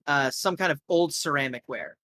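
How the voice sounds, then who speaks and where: A man's voice: a little high, moderate pace, sharp tone, a little hiss or hum. A man narrating a tabletop game as game master, rambling casually with lots of fillers.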